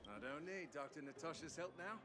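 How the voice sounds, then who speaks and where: A blunt Aussie miner. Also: male voice, on the high side, animated, fairly quick, bright, forceful tone, slight background noise. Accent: stereotypical Australian. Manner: blunt and dismissive. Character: blunt weary male miner.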